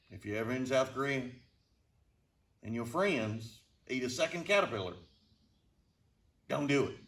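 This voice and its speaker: A man casually telling a funny travel story to his channel, with a slow, deadpan drawl. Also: mid-range voice. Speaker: storyteller vlogger. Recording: roomy, distant from the mic.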